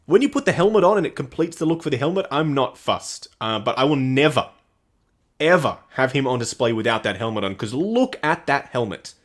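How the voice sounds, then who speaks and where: A man's voice: mid-range voice, big pitch swings, a little fast. A man co-hosting a casual livestream, chatting with enthusiasm and reading out viewer comments. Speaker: livestream co-host.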